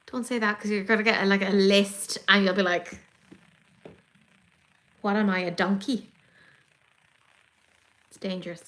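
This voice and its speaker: An Irish woman hosting a casual beauty livestream, chatty and excitable, gasping and swearing as she reads comments. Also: mid-range voice. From Ireland. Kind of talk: casual chat reading live comments.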